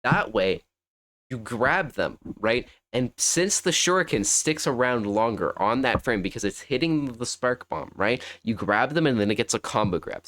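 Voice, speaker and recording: A man's voice: mid-range voice, a bit bright. A young man commentating a fighting game on a live stream, thinking aloud in a rambling, self-correcting way.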